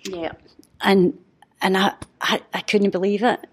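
A woman, a podcast guest telling a personal story in a heartfelt, halting way. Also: mid-range voice, fairly even intonation, breathy edge. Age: 50s.

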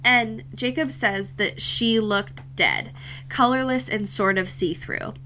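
Young woman, podcast co-host, casual recap, often laughing, fairly high pitch, faint hum behind. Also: slow, bright, forceful tone. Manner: laughing often, swearing, acting out characters' lines. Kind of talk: casual chat.

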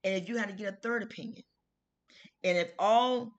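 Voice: medium pitch, a little fast, dull audio. Middle-aged host, casual spoken testimony, earnest, mid-range voice. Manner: conversational storytelling with informal grammar and restarts. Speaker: health video host.

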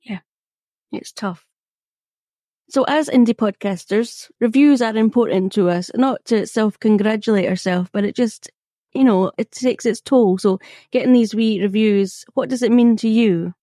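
Woman moderating, mellow voice. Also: on the high side, measured pace, no room sound, clean studio sound. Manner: prompting and encouraging, asking guests questions. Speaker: roundtable moderator. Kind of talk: roundtable discussion.

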